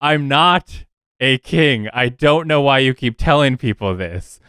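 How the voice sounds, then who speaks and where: A man voicing Fergus, an earnest young prince, in a tabletop game, speaking in slow, questioning tones. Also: medium pitch, animated, pushed and bright, clean tone, no room sound, clean studio sound, voice pushed up. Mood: defensive.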